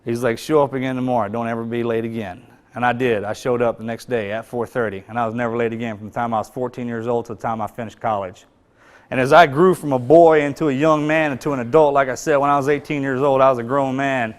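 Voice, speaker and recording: A man giving an intense, emphatic motivational speech, telling stories in casual phrasing and getting louder when he retells a drill instructor's shouts. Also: medium pitch, fairly even intonation, fast talker. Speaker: motivational speaker. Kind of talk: storytelling speech.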